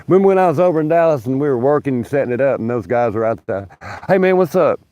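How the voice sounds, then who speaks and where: A union stagehand hosting a livestream from his backyard rambles through stories, swearing, laughing, and drawling as he goes. His mid-range voice is dark and rapid-fire, picked up dry by a phone camera set down nearby.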